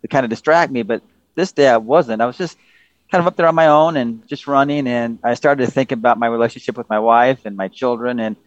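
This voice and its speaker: Fast-talking man co-host, dull dry sound. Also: medium pitch, dry recording. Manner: earnest, storytelling, brisk. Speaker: podcast co-host. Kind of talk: casual podcast storytelling.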